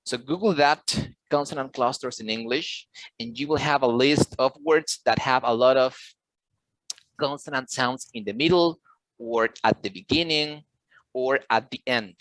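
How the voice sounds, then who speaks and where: A man's voice: medium pitch, fairly bright tone, dry recording. A man teaching an English lesson, explaining patiently, repeating key points, quizzing students and sometimes switching into Spanish. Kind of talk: online class lesson.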